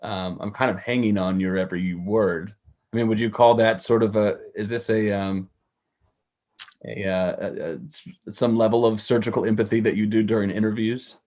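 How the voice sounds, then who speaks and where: A man hosting an interview podcast, asking halting questions while he searches for words. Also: fairly low pitch, steady tone, darkish tone. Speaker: podcast host. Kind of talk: conversational interview. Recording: dull lo-fi audio.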